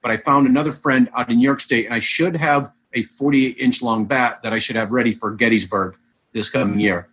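The guest in this casual interview is a vintage baseball player, rambling through lively anecdotes and often starting over. His medium-pitched voice is a little fast, with a breathy edge.

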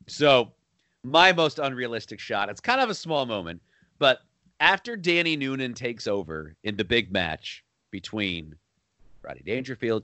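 A man co-hosting a podcast, chatting casually about a film, animated and quick to laugh. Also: medium pitch, no room sound. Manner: animated, laughing, breaks into shouted bits. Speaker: podcast co-host.

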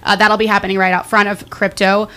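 A woman's voice: mid-range voice, level tone, brisk, sharp tone. A woman who hosts for a hockey team, talking in an upbeat, eager way as a podcast guest. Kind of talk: casual sports talk.

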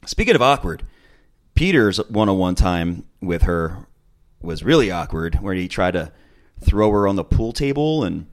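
Man, casual recap chat, lowish pitch, lively swings, opinionated, rambling. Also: normal speed. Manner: chatty, animated, opinionated, trails off with ums. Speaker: podcast host recapping a reality show.

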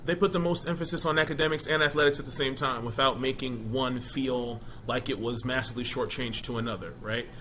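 Man, middle-aged, interview guest, animated storyteller, bright forceful voice. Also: medium pitch, brisk, few pauses, slight background noise. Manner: animated storyteller, many "you know" asides. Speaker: interview guest, former college football player. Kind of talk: casual conversational interview.

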